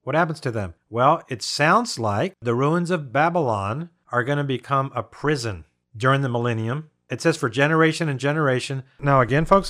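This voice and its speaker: A man's voice: medium pitch, fairly quick, a bit bright. Emphatic male preacher asking questions. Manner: emphatic, asks rhetorical questions, addresses listeners as folks. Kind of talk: bible prophecy teaching.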